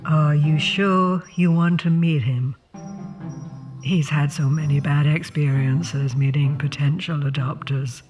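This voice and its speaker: A man voicing a creepy old woman who runs a pet orphanage, slow and trembling, with a high, airy voice in an audio drama. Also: fairly even intonation, soft background music. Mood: warning. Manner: slow, sorrowful, quietly accusing.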